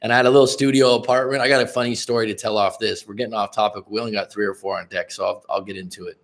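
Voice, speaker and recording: A man's voice: on the low side, fairly even intonation, rapid-fire. A male life coach hosts a casual livestream. He rambles from one thought to the next, swears freely and often stops to speak straight to viewers in the chat. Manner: rambling, profane, addresses chat viewers directly.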